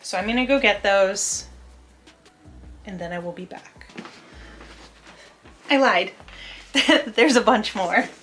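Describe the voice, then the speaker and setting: A woman's voice: mid-range voice, slow pace, pauses often, a bit bright. A young woman chatting casually as she sorts books at home, scattered and laughing often. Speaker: book vlogger. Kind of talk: casual chat while organizing. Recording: music playing underneath.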